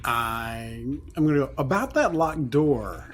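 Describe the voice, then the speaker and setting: A man's voice: mid-range voice, expressive, a little slow, a little hiss or hum. A man playing in a tabletop game, chatting playfully. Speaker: player. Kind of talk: casual tabletop play.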